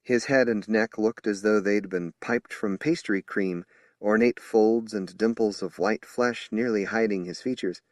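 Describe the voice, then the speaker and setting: A man reading a horror novel aloud as an audiobook narrator in measured storytelling. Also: on the low side, no echo, studio quality. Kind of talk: scripted narration.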